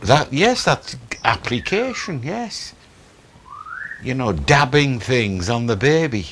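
A man's voice: medium pitch, very animated, slow, a bit bright, slight background noise. A man co-hosting a web chat show, making dry, wry remarks. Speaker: co-host of a vaping web show. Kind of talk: casual chat.

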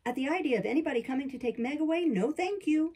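A woman voicing a spirited, quick-tempered young woman in an audiobook, speaking sharply and emphatically. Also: sits high, lively intonation, pitched above the performer's own voice. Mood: indignant. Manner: sharp, emphatic, indignant outbursts. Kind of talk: audiobook character reading.

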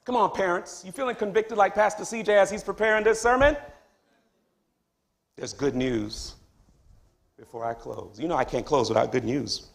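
Male pastor, high voice with a gravelly edge, preaching in a church, swinging from soft asides to high loud cries. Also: normal speed, pauses often. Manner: swings from hushed to loud, high-pitched exclamations. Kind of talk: sermon. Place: church sanctuary.

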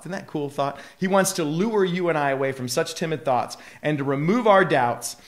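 A man's voice: on the high side, moderate pace, few pauses. A male pastor giving a live devotional talk, earnest and emphatic, with casual fillers.

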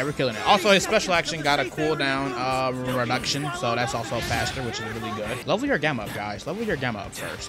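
Man, gameplay commentary, playful trash talk, very animated, game music playing behind. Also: medium pitch. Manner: playful trash-talking at opponents. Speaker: gaming YouTuber. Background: video game music.

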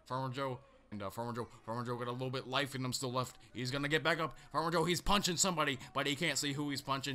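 A young man giving joking, excitable play-by-play commentary on a wrestling match, switching between loud outbursts of disbelief and low mutters. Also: fast talker, few pauses. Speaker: mock commentator.

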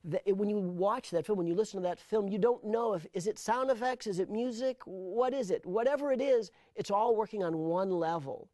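Animated middle-aged man, dry sound. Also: sits high, brisk, few pauses, dry recording. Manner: animated storyteller, repeats words when starting thoughts. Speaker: sound designer. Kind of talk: interview conversation.

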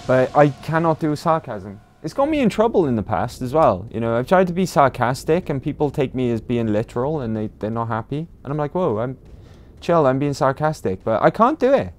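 British guy rambling on a game stream, um-ing and uh-ing a lot, mid-pitched voice. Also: very animated, fairly quick, few pauses. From Britain. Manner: chatty, rambling, with frequent ums and uhs. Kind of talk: casual livestream commentary.

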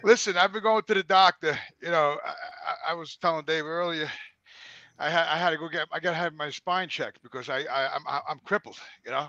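A man in his sixties with a sore back, casually telling a story on a podcast over a remote call, acting out the dialogue and getting loud and laughing at times. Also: on the high side, fairly quick, vocal fry, muffled recording. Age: 60s. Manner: animated, acts out dialogue, grows loud and laughing. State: sore back, a bit out of breath. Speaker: regular panelist.

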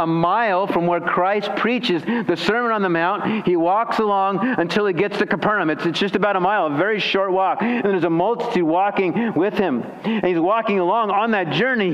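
A male pastor preaching an expository sermon, swinging between raised emphasis and hushed, pleading tones. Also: dull audio. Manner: expository preaching with dramatized quotes, pitch swinging high and low. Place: church sanctuary.

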